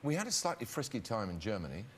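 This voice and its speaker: A man's voice: fairly low pitch, sing-song, quick pace. An English man telling a story as a talk show guest, hesitant and self-deprecating, with many stumbling restarts. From England. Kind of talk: anecdote-telling chat. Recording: loud studio audience and noise.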